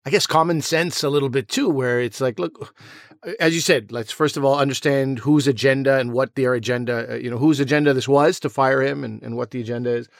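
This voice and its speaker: A man's voice: medium pitch, fairly even intonation, fairly quick, gravelly, dry recording, studio quality. A man co-hosting a podcast, chatting casually about a movie with wry, sarcastic banter. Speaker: podcast co-host. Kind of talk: casual movie review chat.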